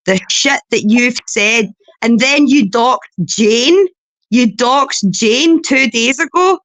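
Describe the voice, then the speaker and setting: A woman's voice: on the high side, slow pace, fairly bright tone, no room sound. A Scottish woman on a livestream panel, talking bluntly and swearing heavily. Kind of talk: heated livestream chat.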